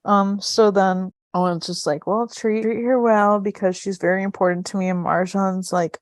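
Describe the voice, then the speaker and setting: A woman's voice: medium pitch, steady tone, normal speed, few pauses, no echo, studio quality. A woman co-hosting a podcast, chatting casually as she retells scenes of a TV episode with lots of fillers. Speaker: podcast co-host. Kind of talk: casual chat recapping a TV episode.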